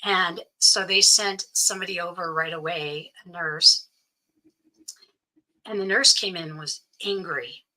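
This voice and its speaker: A woman's voice: lowish voice, a little slow, bright, forceful tone, low-quality recording. A middle-aged woman earnestly recounting a personal story as an interview guest, with many "you know" fillers. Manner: earnest, frequent "you know" fillers, quotes others in dialogue. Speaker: guest sharing her story.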